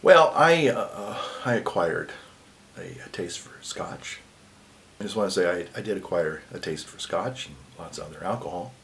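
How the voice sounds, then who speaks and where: Lower-voiced priest telling a story. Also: male voice, expressive, moderate pace, gravelly, slight background noise. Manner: conversational, swinging between loud and hushed. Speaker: Catholic priest. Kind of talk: casual storytelling vlog.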